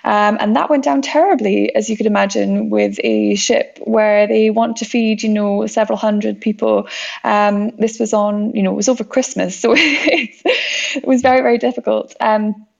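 A woman's voice: medium pitch, moderate pace, gravelly, highs cut off. A woman from the UK, an expedition doctor, talking casually in an interview, chatty and full of fillers. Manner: chatty, many fillers and restarts.

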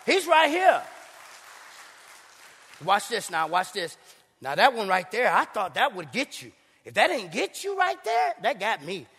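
A man preaching a sermon in a church, impassioned and sing-song, rising to shouts. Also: high-pitched, very animated, normal speed, husky, a faint crowd. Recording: reverberant hall.

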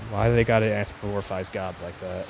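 Gravelly man joking around outdoors. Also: fairly low pitch, steady tone, fast, background noise. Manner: joking, offhand, laughs between remarks. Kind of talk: casual chat.

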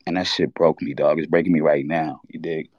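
A man hosting a sports talk show, telling a candid, halting story of losing his cousin. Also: rumbling low, steady tone, no room sound, dull audio. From New York. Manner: candid, halting, reliving a loss. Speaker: podcast host.

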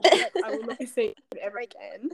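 A young woman with a high, light voice tells a story at length on a casual podcast. She mocks herself and giggles often while she talks. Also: lively intonation, a little fast, gravelly, a crowd in the background. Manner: giggly, self-mocking storytelling. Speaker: podcast co-host. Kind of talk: casual chat between friends.

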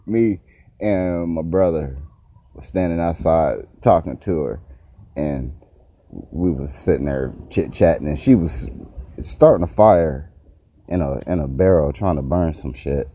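A man casually telling a funny family story, swearing freely and breaking into laughter, his voice jumping high when he gets excited. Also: slow pace, long pauses, dull audio. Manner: profane, laughs often, pitch leaps up when excited.

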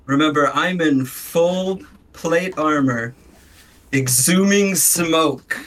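A man's voice: on the high side, slow pace, a bit bright. A man playing in a tabletop game, chatting casually in a playful, eager way. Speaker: player.

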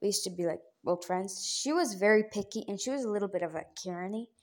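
A woman telling a rambling, casual story to her viewers, often jumping up in pitch and loudness. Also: fast talker. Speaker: vlogger.

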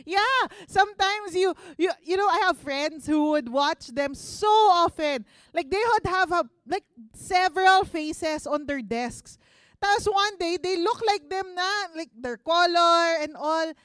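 High-voiced Filipino woman preaching. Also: unhurried, fairly bright tone, dry recording, clean studio sound. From Philippines. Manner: conversational, mixes Tagalog into English, asks the congregation questions. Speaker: pastor. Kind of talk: sermon. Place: church service.

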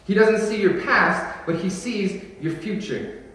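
Young male preacher, high voice, chatty sermon with emphatic calls, miked from a distance in a big reverberant hall. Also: a little slow, fairly bright tone. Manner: casual, joking, builds to emphatic declarations. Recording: echoey hall, voice from far off.

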